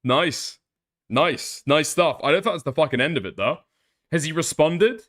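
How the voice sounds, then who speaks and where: A man's voice: fairly high pitch, expressive, moderate pace, fairly bright tone. A man streaming casual commentary on online drama, sarcastic and profane, reading messages aloud.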